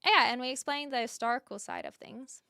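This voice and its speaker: Bright-voiced woman streamer chatting with chat. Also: high voice, a little fast, no room sound, studio quality. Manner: earnest, many restarts and fillers. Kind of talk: casual chat reading viewer comments.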